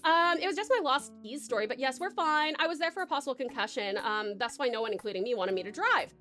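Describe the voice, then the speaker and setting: A woman's voice: high-pitched, fast, sharp tone, soft background music. A young Australian woman chatting casually on a live stream, bubbly and giggly, rambling with lots of fillers.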